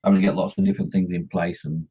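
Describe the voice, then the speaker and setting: Racing along in a low, level, slightly rough voice, a middle-aged man hosts a model-painting stream and teases viewers while reading their chat messages. The talk is casual and jokey, and the stream audio is dull and lo-fi.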